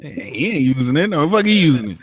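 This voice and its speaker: A man's voice: fairly high pitch, big pitch swings, fast talker. Guy hosting a stream from his desk, brash n teasing, swears a lot, voice bouncing all over. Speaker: stream host. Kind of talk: casual livestream chat. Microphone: desk mic at computer.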